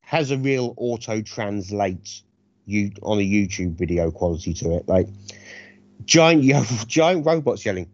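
A man co-hosting a film review chat, animated, sarcastic and freely profane. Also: on the low side, a little slow, dull audio. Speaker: podcast co-host reviewing films.

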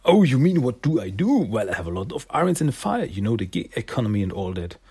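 A man's voice: medium pitch, very animated, fast talker, mellow, husky, heavily acted. A man voicing a slick young male mutant ferret hustler with a chummy, wheedling street manner. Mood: breezy.

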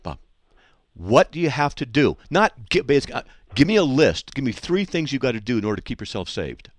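A man's voice: mid-range voice, sing-song, brisk, no room sound, studio quality. A man hosting a call-in radio debate, pressing a caller with repeated questions and cutting in again and again. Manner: insistent, interrupts by repeating the caller's name. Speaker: radio show host.

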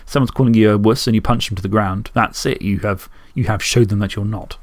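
A man co-hosting a tabletop game podcast, chatting casually, animated and thinking aloud, with some swearing. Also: lowish voice, a little fast. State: hiccuping. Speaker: podcast co-host. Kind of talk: casual chat.

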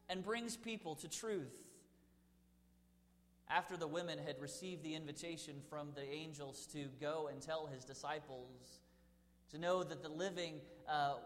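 A male pastor with a high voice preaches to a congregation, weaving stories into the sermon and leaning on dramatic pauses and swells of emphasis. His voice rings through a church hall with a long reverb trailing behind.

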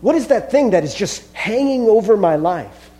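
A man's voice: sits high, expressive, moderate pace, dark tone. Earnest conversational man preaching a sermon. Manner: earnest, conversational preaching, often addressing "friends". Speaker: pastor.

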